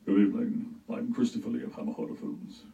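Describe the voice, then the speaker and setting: A man doing a deep, solemn horror actor. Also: big pitch swings, fast talker, creaky, mellow, far from the mic, highs cut off, exaggerated voice. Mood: gloomy. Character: deep, sonorous older male horror film actor.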